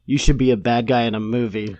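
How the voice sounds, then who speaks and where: A man co-hosting a podcast who chats casually and throws in quick jokes. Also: mid-range voice, fairly even intonation, darkish tone. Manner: joking, quick wisecracks. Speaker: podcast co-host. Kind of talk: casual chat.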